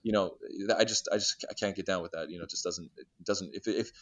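Fast-talking man telling stories animatedly. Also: sits low. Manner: animated storyteller who acts out exchanges, many restarts and fillers. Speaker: interview guest. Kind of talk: casual storytelling interview.

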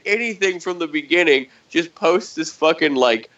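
A man's voice: fairly high pitch, animated, moderate pace, hardly any pauses, pushed and bright. A man chatting casually on a podcast, telling a rambling story full of swearing and sarcasm. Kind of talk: casual chat. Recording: dull lo-fi sound.

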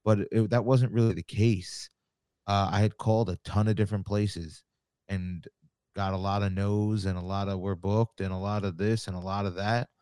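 A man's voice: on the low side, fairly even intonation, moderate pace, mellow, clear, resonant tone, dry recording, studio quality. A man, a wrestling promoter, telling a story in a casual podcast chat, acting out phone calls and swearing casually. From New York.

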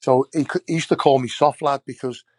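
This podcast guest's casual storytelling wanders through anecdotes, his sentences often starting over. His ordinary middle-pitched voice is a little mellow, with fairly even intonation and a brisk pace, recorded close to the mic in a dry room without echo.

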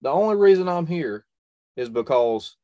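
A man's voice: a little high, animated, normal speed, dark tone, no echo, muffled recording. Earnest man telling a story, dry sound. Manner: emphatic and earnest, repeats phrases for stress. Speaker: hunter and video creator, guest. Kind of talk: telling a personal story in a conversation.

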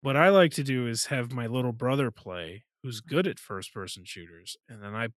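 A man's voice: mid-range voice, normal speed, no room sound. A man chatting casually on a podcast, playful, swearing freely and rambling through stories. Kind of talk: casual chat.

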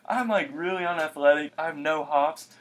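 Young man with a slightly high voice. He tells lively stories in a casual chat and acts out the other people in them. His voice is clear and fairly bright. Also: normal speed. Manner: animated storyteller, acts out quotes.

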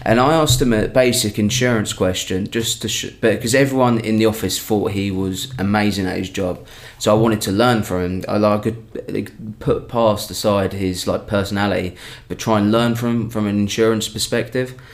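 A man's voice: fairly low pitch, fairly even intonation, moderate pace, few pauses. A man, a comedian, telling a story in a rambling, chatty way with many restarts. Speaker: comedian guest. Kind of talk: casual storytelling in a podcast chat.

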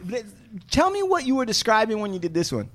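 A man's voice: high voice, sing-song, fast talker. A man hosting a casual chat, playing old clips and prompting his guest with amused questions. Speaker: podcast host.

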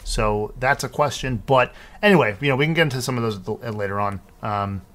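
A man's voice: mid-range voice, brisk, a bit bright. A man casually recapping a movie on a podcast, talking loosely with lots of ums and restarts. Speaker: podcast co-host. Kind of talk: casual film recap chat.

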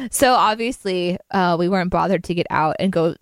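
A woman's voice: medium pitch, lively intonation, a little slow, no room sound, clean studio sound. A woman radio co-host chatting casually and reading out odd news stories. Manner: chatty, reads stories aloud.

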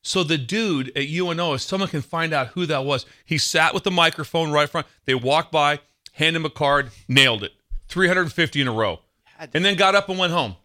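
A middle-aged man hosts a casual talk show and tells his stories with animated excitement. His voice sits a little high and sounds bright and forceful. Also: fairly quick. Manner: animated, excitable storyteller who shouts quoted lines. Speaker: radio show host. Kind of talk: casual storytelling chat.

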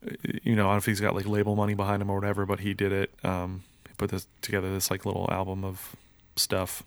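Chatty low-voiced man, filler-heavy. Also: completely flat delivery, fast, dry recording. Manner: chatty, full of fillers, talks music theory. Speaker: podcast co-host. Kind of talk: casual chat.

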